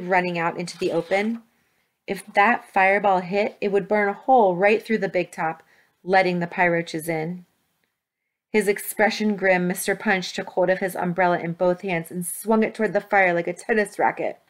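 A woman teacher reading a children's novel aloud with steady, expressive storytelling. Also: lowish voice. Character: brave young girl heroine. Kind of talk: children's book read-aloud.

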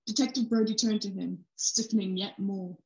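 A woman's voice: mid-range voice, moderate pace, gravelly, dull audio. Woman reading her novel aloud, echoey. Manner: steady, expressive read-aloud narration. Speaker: author reading her book. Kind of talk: book reading narration. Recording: roomy echo.

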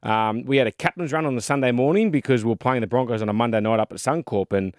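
Speaking quickly in a mid-range voice, this Australian man in his thirties trades rugby league stories on a casual podcast. A former player turned co-host, he's an animated storyteller who leans on fillers and "mate." The recording is dry and studio-clean.

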